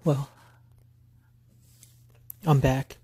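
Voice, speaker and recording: A man's voice: mid-range voice, level tone, drawn-out words, warm tone, husky, no room sound. A man venting in a late-night personal rant, rambling and repeating himself with many restarts, aggrieved and flaring into angry swearing. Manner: aggrieved, builds into bursts of anger and swearing. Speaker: vlogger.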